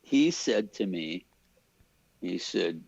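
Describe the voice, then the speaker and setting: A man's voice: low-pitched, takes it slowly, vocal fry, husky, no room sound. An older man, a cinematographer, telling stories in an interview and acting out the people he quotes. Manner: animated storyteller, imitates voices in quotes. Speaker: cinematographer guest. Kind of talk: storytelling in an interview. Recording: dull lo-fi sound.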